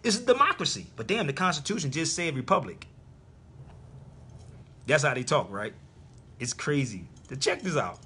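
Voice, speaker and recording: A man's voice: medium pitch, lively intonation, normal speed, long pauses, fairly bright tone, husky. A man hosting a live internet radio stream, lecturing in an emphatic, preachy way and repeating his points.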